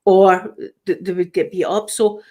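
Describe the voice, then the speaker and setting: A woman's voice: mid-range voice, flat delivery, measured pace, warm tone. A Scottish woman hosting a casual livestream chat, rambling with lots of restarts. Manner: chatty, rambling, frequent restarts. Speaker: livestream host.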